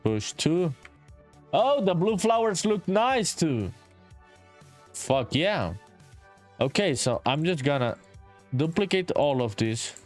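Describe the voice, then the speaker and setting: A man chatting on a relaxed live stream while he builds his indie game, his voice sitting a bit high for a man. He reads viewer comments aloud, calls everyone dude and swears freely. Soft music plays faintly behind him. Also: slow, long pauses. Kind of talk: casual live-stream chat while working.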